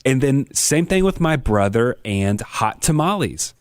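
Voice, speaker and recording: A man in an easygoing podcast chat, full of light jokes. His voice sits at an ordinary pitch and sounds dry and close, with no room echo. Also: very animated, a little slow. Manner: joking, easygoing banter. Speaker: podcast co-host. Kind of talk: casual chat.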